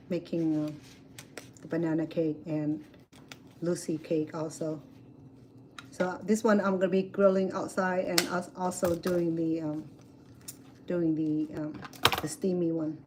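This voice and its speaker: A woman vlogger with a fairly low voice chats animatedly while cooking at a home grill outdoors, telling stories full of fillers. She's recorded on a camera mic, so the quality is low and there's faint background noise.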